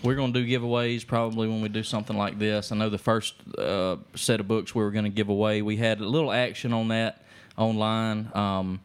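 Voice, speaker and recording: A man's voice: on the low side, level tone, brisk, hardly any pauses, clear, resonant tone. Easygoing man hosting a podcast. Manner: easygoing, reads reviews aloud, laughs often. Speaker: podcast host. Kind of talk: casual theology podcast chat. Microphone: studio microphone.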